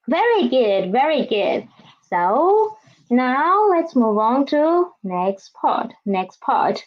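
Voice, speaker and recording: A Chinese language teacher, a woman with a high, very animated voice, teaches vocabulary slowly in a lilting way. She pronounces each word twice with drawn-out care, running read-after-me drills in class. The recording is dull and lo-fi.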